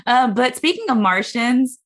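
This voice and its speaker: Lively, giggly woman host. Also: a little high, a little slow. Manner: laughs often, joking. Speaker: podcast host. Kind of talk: casual chat.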